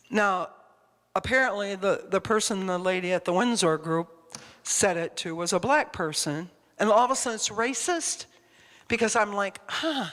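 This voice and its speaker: A church speaker with a slightly bright, mid-range voice gives a rambling, emphatic sermon in a conversational style, often asking the congregation questions. Long church-hall reverb colors the recording.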